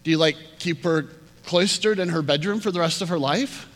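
A man preaching a sermon, retelling a Bible story with lively acted-out quotes and frequent repeated words. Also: a little high, brisk. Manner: animated storytelling, acting out quoted voices, often repeats words. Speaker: pastor. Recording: hall reverb with faint hum.

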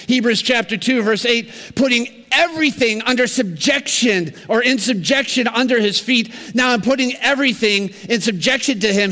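A male pastor preaching a sermon in a conversational yet emphatic way, swinging between loud and quiet passages. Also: sits high. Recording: long reverb of a large hall.

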